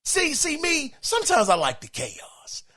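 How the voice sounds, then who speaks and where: A middle-aged man hosting a podcast, reacting to listener emails in an emphatic, exclaiming, animated way. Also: extremely high pitch, a little slow. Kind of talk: casual podcast commentary.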